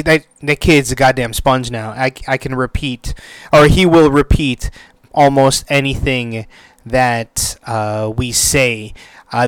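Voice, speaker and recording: A man's voice: medium pitch, a bit bright, clean tone, no room sound. A young man hosting his own podcast, talking loosely with lots of fillers, restarts and the odd swear word. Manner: rambling, many fillers and restarts, casual swearing. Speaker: podcast host. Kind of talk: casual solo podcast talk.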